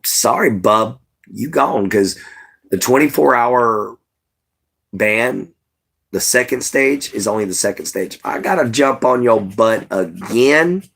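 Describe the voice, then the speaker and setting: A man with a fairly low voice and a breathy edge hosts a casual livestream, talking directly to his viewers in a laid-back way and saying "you know" plenty.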